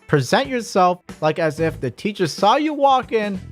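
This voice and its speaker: A man giving a mock-instructional comedy monologue, sarcastic and deadpan at times, stammering repeated words, then bursting into animation. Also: high-pitched, moderate pace, soft background music. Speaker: comedy vlogger.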